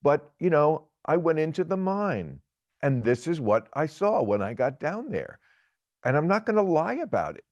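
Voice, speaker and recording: A man in his sixties giving opinionated political talk, halting and repeating words, then pressing his point emphatically. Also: a little high, sing-song, a little mellow, no echo, highs cut off. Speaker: guest commentator.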